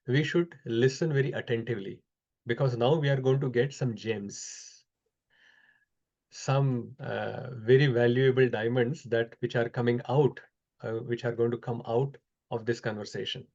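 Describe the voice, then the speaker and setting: A man teaching a scripture class over an online call, explaining slowly with frequent pauses. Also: mid-range voice, darkish tone, dull audio.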